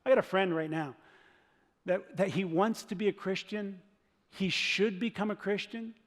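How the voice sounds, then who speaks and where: A male pastor preaching a sermon in a church, animated, acting out the voices of people in his story. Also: sits high, moderate pace. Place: church sanctuary. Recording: long reverb of a church hall.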